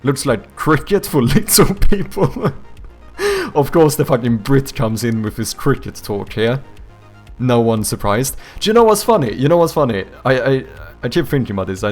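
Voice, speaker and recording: A young man speaking at a middling pitch, chatting on a live stream from his home setup. He reacts to viewer messages in an animated way, swearing and laughing as he goes. Faint music plays low in the background. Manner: reads out and answers viewer chat. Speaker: streamer and game developer. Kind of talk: casual live-stream chat.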